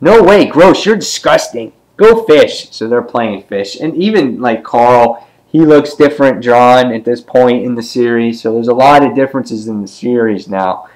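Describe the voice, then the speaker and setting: A man casually reviewing a comic book issue, with many ums and quick character voices as he retells the scenes. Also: mid-range voice, darkish tone, rough recording.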